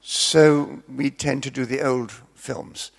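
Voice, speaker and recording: A man's voice: mid-range voice, steady tone, takes it slowly, vocal fry. A man preaching, chatty and self-deprecating, mixing humorous stories into his sermon. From Scotland.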